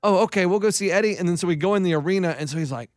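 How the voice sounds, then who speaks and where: A man with a high, light voice tells stories about his young kids, mimicking their whiny lines with quick bursts of speed. The sound is close and dry, with no room around it. It is loose, friendly podcast banter. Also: dry recording. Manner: animated storyteller acting out his kids. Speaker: podcast co-host. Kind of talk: casual chat.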